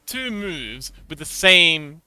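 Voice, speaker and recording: A man's voice: a little high, very animated, slow, bright, forceful tone, clear, resonant tone, dry recording, poor audio. A man from Hong Kong chatting casually with his livestream chat while he models an avatar, with many fillers and restarts. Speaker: VTuber streamer. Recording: dry close mic, faint background music.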